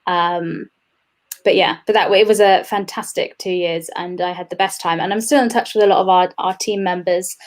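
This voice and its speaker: A woman's voice: lowish voice, steady tone, moderate pace. A young woman chatting as an interview guest. She talks easily, laughs often and fills gaps with "um" and "uh". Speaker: guest, games industry administrator. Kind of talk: casual interview chat.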